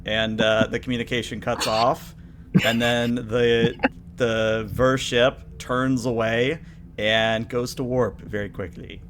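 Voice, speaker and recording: A man's voice: medium pitch, flat delivery, slow, a bit bright. Man, game master, playful, mid-range voice, faint background hiss. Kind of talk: narrating a tabletop game.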